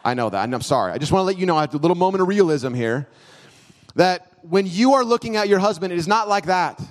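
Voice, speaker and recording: A man preaches as a pastor in a church hall, fast and with lively intonation. His sermon moves from loud, raised emphasis down to quiet, low, close asides.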